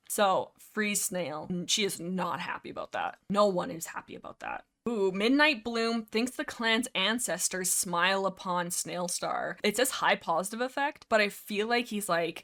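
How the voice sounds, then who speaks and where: A woman's voice: a little high, animated, a little slow, a bit bright. Woman narrating her cat-clan game for video; chatty, rambling, fond of acting out lines. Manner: chatty, lots of fillers, acts out character lines. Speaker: gaming YouTuber. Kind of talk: casual let's-play storytelling.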